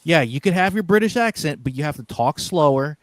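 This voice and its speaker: A man's voice: a little high, expressive, fairly quick, no room sound. A man chatting casually on a stream, telling long rambling stories with lots of fillers and restarts. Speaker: stream co-host. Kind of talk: casual chat.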